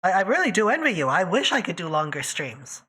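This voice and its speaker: A woman's voice: on the low side, big pitch swings, brisk, a bit bright, husky. A woman streaming live, chatting casually and teasing her viewers by name while she draws.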